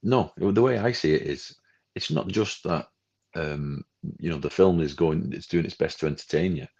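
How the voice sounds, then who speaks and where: A man's voice: a bass voice, normal speed, gravelly, darkish tone, husky. A man co-hosting a film club podcast, chatting casually and ranting animatedly, acting out the people he quotes. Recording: dull lo-fi livestream audio.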